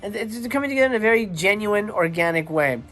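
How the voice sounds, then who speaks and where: A man's voice: high-pitched, animated, fast talker, fairly bright tone, soft background music. A man hosting a casual watch-along movie review late at night, enthusiastic and tired, rambling and restarting his sentences.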